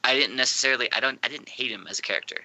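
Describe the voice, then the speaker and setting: Easygoing podcast guy, very bright sharp tone, dry close mic. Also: medium pitch, rapid-fire, vocal fry, no echo, rough recording. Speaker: podcast co-host. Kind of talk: casual anime podcast chat.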